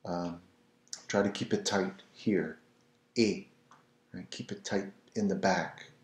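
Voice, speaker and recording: A man teaching pronunciation, who repeats each word slowly and coaxes the listener to try it. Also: deep voice, steady tone. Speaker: French teacher. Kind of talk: slow, patient pronunciation lesson. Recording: echoey room.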